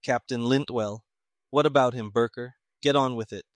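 A man reading an audiobook, voicing a brusque, irritable army colonel who snaps crisp commands. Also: mid-range voice, unhurried, no room sound, lightly acted. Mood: impatient, commanding.

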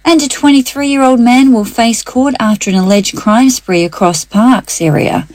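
A woman reading the local radio news in a steady, measured way. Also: on the high side, dry recording. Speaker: news reader.

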